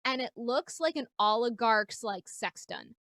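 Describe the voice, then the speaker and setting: A woman comedian from New York spins a story with a high, bright, forceful voice, leaping into the voices of the people she describes. The sound is close and dry. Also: measured pace, no echo. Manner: animated, acts out the people in her stories. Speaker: comedian, guest. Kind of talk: casual chat, comic storytelling.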